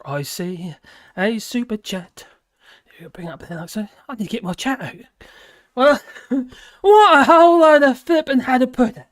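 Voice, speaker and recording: A woman's voice: mid-range voice, expressive, normal speed, pauses often. An older woman, hosting a live stream and chatting casually with viewers in a rambling, jokey, cheeky way.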